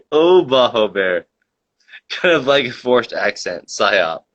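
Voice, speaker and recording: A man's voice: medium pitch, sing-song, takes it slowly, fairly bright tone. A man with a mid-range voice runs a comedy livestream show, reading out viewer comments in casual chat. He rambles, laughs often and argues in a mock-conspiratorial way. The sound is dull and lo-fi. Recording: dull lo-fi mic.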